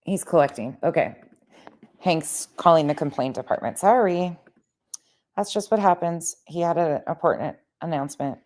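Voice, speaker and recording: A woman's voice: low voice, moderate pace, darkish tone. A woman co-host chatting casually on a live stream, giving amused running commentary and swearing casually.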